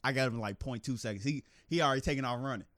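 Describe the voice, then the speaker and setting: A man telling a story animatedly in casual podcast chat, laughing and acting out quotes in a higher voice. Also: very fast, fairly bright tone. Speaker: podcast co-host.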